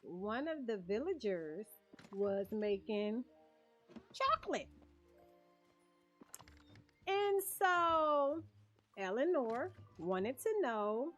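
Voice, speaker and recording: A woman's voice: a little high, big pitch swings, drawn-out words, pauses often, fairly bright tone, soft background music. A woman streaming a cozy game, chatting and often laughing as she talks to her viewers. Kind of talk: casual game stream chat. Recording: dull lo-fi stream audio.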